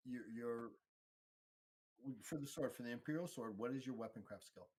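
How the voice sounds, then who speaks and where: A man running a tabletop role-playing game as game master, explaining rolls and narrating the action in a relaxed, halting way. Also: medium pitch. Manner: relaxed, halting, with frequent fillers and restarts.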